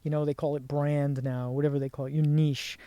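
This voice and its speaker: Middle-aged New York man, rapid and mellow-toned, emphatic guest in casual chat. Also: a little high, no echo. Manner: animated, quick and emphatic. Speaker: playwright guest.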